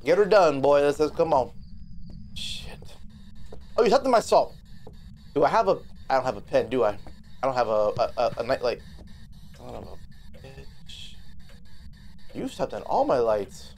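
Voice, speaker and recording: A man streaming a ghost-hunting game, talking to his viewers in an excitable, rambling way, swearing and trailing off into restarts. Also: medium pitch, moderate pace, pauses often, slight background noise. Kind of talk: live gameplay commentary.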